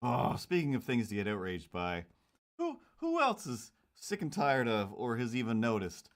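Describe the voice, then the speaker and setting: A man's voice: medium pitch, huge pitch swings. Rambling joking man drawing on stream. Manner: rambling, jokey mock outrage, slips into quick silly voices. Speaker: comic artist streaming while drawing. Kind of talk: casual chat while drawing.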